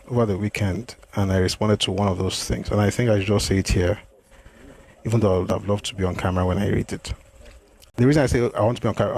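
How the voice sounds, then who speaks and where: A man hosting a live stream, answering viewer comments in an animated, exclamatory way, often repeating himself. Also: lowish voice, slightly rough. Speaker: host.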